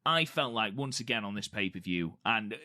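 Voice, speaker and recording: Bright-voiced man chatting. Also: on the low side, expressive, normal speed. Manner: chatty, repeats words for emphasis. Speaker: podcast co-host. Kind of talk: casual podcast chat.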